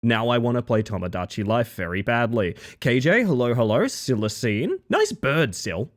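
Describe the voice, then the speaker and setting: A male streamer chats casually with his live audience in a playful, joking way. His pitch jumps around a lot as he greets people one by one. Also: very animated, moderate pace. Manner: playful, greets chat one by one, jokey asides.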